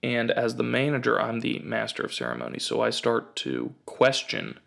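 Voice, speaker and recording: A man's voice: medium pitch, flat delivery, normal speed, vocal fry, fairly bright tone. A man hosting his own podcast from home, telling jokey stories and ranting with playful asides into a home microphone. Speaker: podcast host. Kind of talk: casual comedic monologue.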